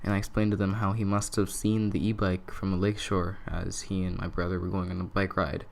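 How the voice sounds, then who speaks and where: A man's voice: sits low, flat delivery, a little fast, vocal fry. A young man telling a personal story in a casual, rambling vlog style, swearing freely and filling nearly every phrase with "like.". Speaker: vlogger.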